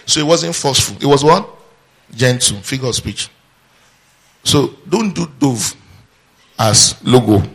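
Delivering a sermon in a high-leaning voice with a breathy edge, a man calls on his congregation to complete his sentences. The teaching is lively, peppered with asides and laughter.

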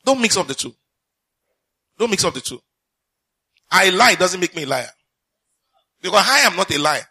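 A man's voice: high-pitched, big pitch swings, moderate pace, long pauses, pushed and bright, husky. A man preaching a sermon, reading scripture aloud, repeating lines for emphasis and putting questions to the congregation.

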